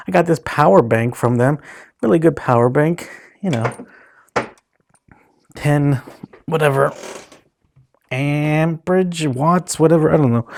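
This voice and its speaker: A man's voice: medium pitch, a little mellow. A man hosting his own podcast, telling a long story as a casual, profane rant and acting out the people he quotes. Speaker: podcast host.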